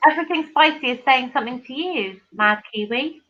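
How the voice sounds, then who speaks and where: A woman hosting a casual livestream over a video call, excitable, reading chat aloud and laughing often. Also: high voice, a little fast, highs cut off. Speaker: livestream host. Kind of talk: casual live-stream chat.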